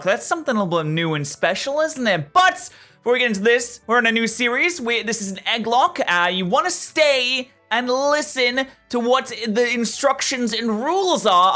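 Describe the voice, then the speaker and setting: Young man, game commentary, excitable, jokey, lively pitch, bright tone. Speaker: let's play host. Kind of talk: gameplay commentary.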